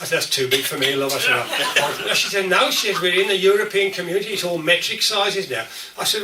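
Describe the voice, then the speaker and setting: A man's voice: on the high side, fast, noisy background. An older man with a Black Country accent telling comic stories to a folk club audience, chatty and laughing through his jokes. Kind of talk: comic storytelling to a live audience. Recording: distorted, roomy live recording from a distance.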